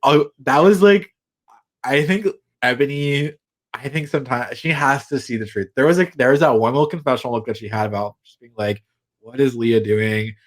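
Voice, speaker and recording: A man's voice: medium pitch, brisk. A young man co-hosting a podcast, chatting casually and gossiping about reality TV, acting out quotes and swearing freely. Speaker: podcast co-host. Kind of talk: casual chat recapping reality TV.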